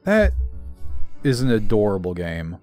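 A man co-hosting a casual gaming video, chatty and quick to yell at the game as he plays. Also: lowish voice, sing-song, faint music behind. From American South. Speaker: co-host playing a video game.

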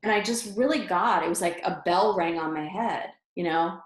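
Middle-aged woman, interview guest, fairly low voice, lively anecdotes full of fillers and laughs; roomy echo. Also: normal speed. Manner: animated, laughs often, many fillers and restarts. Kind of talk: personal storytelling in conversation.

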